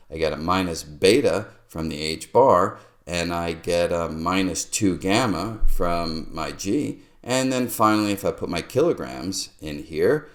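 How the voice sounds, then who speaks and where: Low-voiced man walking through physics math. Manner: musing, talks to himself while writing. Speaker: physics lecturer. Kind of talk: explaining a derivation on a whiteboard.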